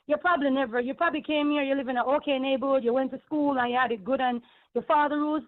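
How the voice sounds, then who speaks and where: A woman's voice: sits high, fairly even intonation, fast. A woman from the Caribbean with a Caribbean accent, calling into a show and ranting in an emphatic, rambling, indignant way. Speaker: caller. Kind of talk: call-in radio rant. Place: home in New York. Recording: tinny phone line.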